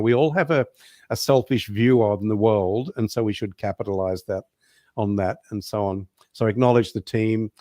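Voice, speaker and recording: Low-voiced man explaining business systems. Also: warm tone, no echo, studio quality. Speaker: guest. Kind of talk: casual online show interview.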